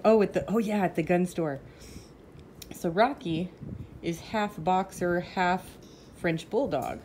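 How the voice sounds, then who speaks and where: A woman's voice: fairly low pitch, a little mellow, slight background noise. A woman casually chatting to the camera at home, telling stories and now and then breaking off to scold her dogs. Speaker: vlogger. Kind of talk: casual chat. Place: home with pets.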